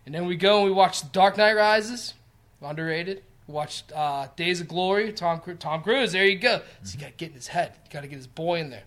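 A man's voice: high-pitched, a little fast, fairly bright tone. A man in his thirties, co-hosting a podcast, tells rambling, profane stories and acts out the quotes. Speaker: podcast co-host. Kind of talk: casual podcast chat.

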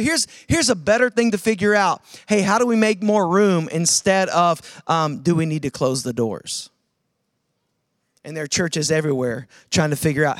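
Pastor guy preaching, pushes the crowd to answer back, real high voice. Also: no room sound, clean studio sound. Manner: preachy, calls for audience response, swings from loud to hushed. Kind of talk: sermon.

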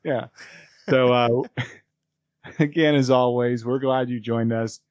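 Man, podcast co-host, easygoing and rambling, mid-pitched voice, dry close recording. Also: steady tone, slow pace, a little mellow, no echo. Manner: loose and rambling, many fillers. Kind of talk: casual chat.

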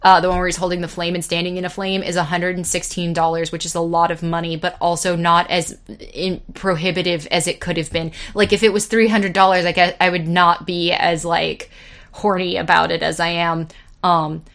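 A young woman in her twenties talks on her own podcast in a loose, rambling way, swearing freely and laughing at herself. Her voice sits a little low for a woman. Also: flat delivery, a little fast, fairly bright tone. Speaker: podcast host. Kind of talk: casual solo podcast chat.

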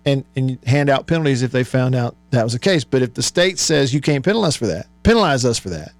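A man's voice: mid-range voice, lively intonation, fast talker, no echo. A man hosting a sports call-in show, reading listener texts aloud and musing over them in a chatty way, with many fillers. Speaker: sports radio host.

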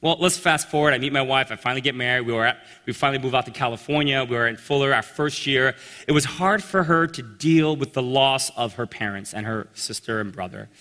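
A man telling a personal story in a sermon, animated and acting out the voices of the people in it. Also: mid-range voice, brisk. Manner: animated storyteller, acts out quotes. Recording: long reverb in a large hall.

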